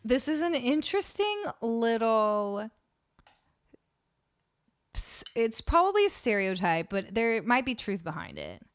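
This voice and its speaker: A woman's voice: a little high, wildly swooping pitch, measured pace, pauses often, no room sound, studio quality. A young Canadian woman hosting a music livestream, chatting casually with viewers, often laughing and trailing off mid-sentence. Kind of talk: casual chat with live chat.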